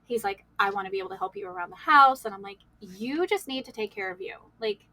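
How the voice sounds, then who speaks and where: A woman's voice: a little high, sing-song, fast, sharp tone, dry recording, poor audio. A woman guest on a podcast, candidly telling her life story in a rambling way, with many "like"s and laughs. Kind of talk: emotional personal storytelling.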